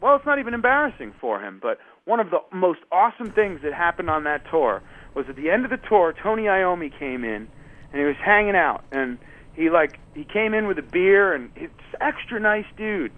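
A man with a fairly high voice tells loose, rambling stories, circling back with plenty of fillers and restarts. He comes through a thin, tinny phone line that cuts off the lows and highs. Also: big pitch swings, fairly quick. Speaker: touring musician guest. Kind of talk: casual storytelling interview.

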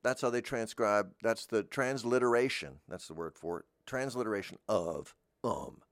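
A middle-aged man with a Southern American accent, hosting a rambling comedic monologue in a deadpan, meandering way and drifting into goofy voices. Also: lowish voice, moderate pace, no room sound, clean studio sound. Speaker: podcast host.

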